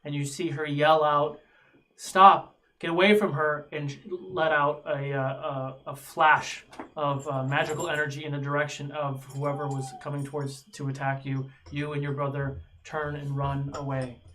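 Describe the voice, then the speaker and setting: A man narrating a tabletop game as game master, pausing often with ums and uhs. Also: fairly high pitch, level tone, a bit bright, slight background noise, low-quality recording. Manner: halting, many ums and uhs.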